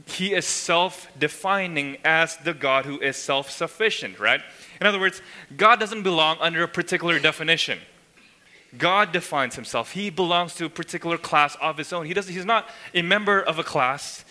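A man's voice: fairly high pitch, lively intonation, normal speed, sharp tone. A man preaching a sermon as pastor, emphatic and explanatory, often checking in with the congregation by asking "right?". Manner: emphatic, frequent tag questions, voices God's words. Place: church sanctuary. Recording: long hall reverb.

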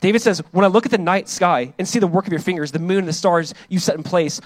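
A man in his thirties, a pastor, preaching a sermon in a casual, conversational way, full of fillers and animated when he reads or quotes. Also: high voice, fast talker, hardly any pauses, no echo.

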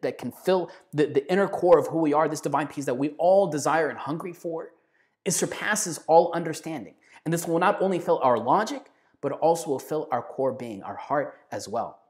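A man preaching a sermon in an earnest, emphatic way, slowing down and dropping to a hush on key phrases. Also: on the high side.

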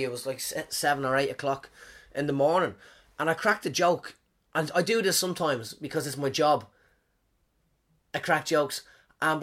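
A man's voice: a little high, fairly bright tone. A man in his thirties, a comedian with a head cold, telling a rambling comic monologue with lots of swearing and lost threads.

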